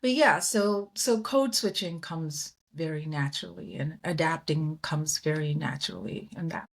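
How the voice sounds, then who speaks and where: A woman from India, a guest in an interview, telling stories in an animated way and acting out the voices of people she quotes. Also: sits low, moderate pace, creaky. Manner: animated storyteller who acts out quoted voices. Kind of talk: conversational interview.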